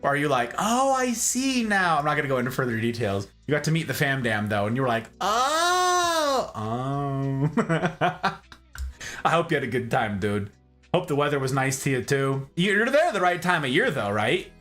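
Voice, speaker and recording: A man's voice: mid-range voice, quick pace, soft background music. A man streaming a game and chatting playfully with his live chat. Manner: playful, animated, jokey banter with chat.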